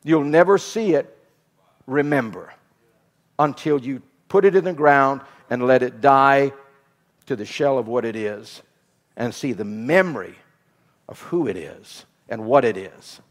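A man's voice: mid-range voice, expressive, a little slow. A man preaching a sermon with an emphatic, repetitive cadence. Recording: reverberant hall.

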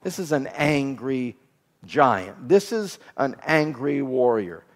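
A man's voice: medium pitch, animated, slow. A man preaching a sermon with an emphatic, repetitive cadence. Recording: reverberant hall.

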